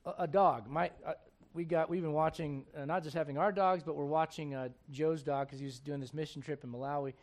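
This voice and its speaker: Male pastor, high-pitched, emphatic sermon delivery with scripture reading. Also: steady tone, brisk. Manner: emphatic, asks the congregation questions; reads scripture aloud in old wording.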